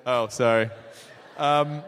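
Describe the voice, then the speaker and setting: A man's voice: mid-range voice, steady tone, fairly bright tone, smooth, in a large hall. A man hosting and moderating an interview, bantering and making fun of himself. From United States. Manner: joking, self-mocking, quick banter. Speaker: host and moderator. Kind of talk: casual interview chat.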